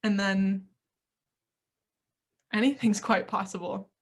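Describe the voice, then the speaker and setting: A woman's voice: medium pitch, steady tone, slow. A young adult woman, an acting coach, giving earnest, reflective interview answers and now and then acting out the doubting little voice in her head. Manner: earnest, searching, puts on little inner voices.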